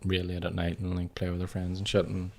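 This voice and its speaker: A man's voice: sits low, monotone, brisk, vocal fry, a little mellow. Sweary young man. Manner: sweary, storytelling, peppered with "like". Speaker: podcast co-host. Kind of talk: casual chat.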